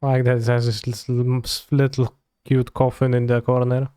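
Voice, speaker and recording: A man's voice: mid-range voice, level tone, moderate pace, warm tone, clean tone, no echo. A man streaming a card game, talking casually through his plays and muttering to himself with loose, offhand remarks. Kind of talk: casual live play commentary.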